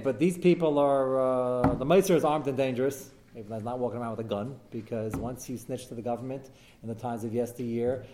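A man, a rabbi, giving a Torah class, telling cases with animated storytelling and sprinkling in Hebrew and Yiddish terms. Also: mid-range voice, a little hiss or hum. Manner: talks in short bursts with frequent fillers and restarts. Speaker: rabbi answering questions of Jewish law.

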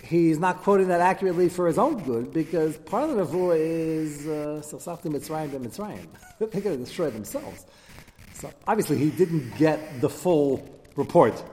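A man giving a Torah class lecture, taking questions and acting out the quotes he reads with quick asides. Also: a little high, lively intonation, darkish tone. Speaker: rabbi teaching a class. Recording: reverberant hall with faint background noise.

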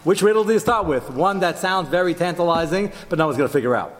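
A man giving a lively Torah class to a group, jumping his pitch up to act out quoted lines. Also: quick pace, in a large hall.

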